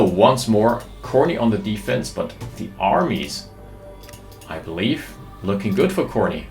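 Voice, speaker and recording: A man giving live, excitable commentary on a strategy game, thinking aloud as he goes. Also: low voice, reverberant. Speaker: game caster.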